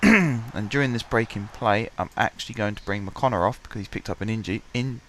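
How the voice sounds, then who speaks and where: Casual male gamer narrating play, congested and throat-clearing, lowish voice, light background hiss. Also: lively intonation, brisk, a bit bright. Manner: chatty, self-deprecating, clears his throat often. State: stuffy, blocked-up voice. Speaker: gaming commentator. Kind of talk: casual let's-play commentary.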